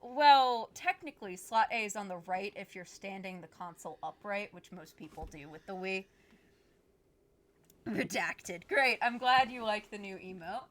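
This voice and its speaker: A woman's voice: medium pitch, lively intonation, normal speed, fairly bright tone. A woman hosting a live game stream, chatting casually with viewers, laughing often, and explaining the game as she goes. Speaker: streamer host. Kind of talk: casual live-stream chat while gaming.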